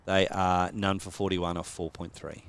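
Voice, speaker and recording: A man's voice: deep voice, little pitch movement, normal speed, gravelly, heavy background noise. A man with an Australian accent doing casual live cricket commentary, joking and laughing often.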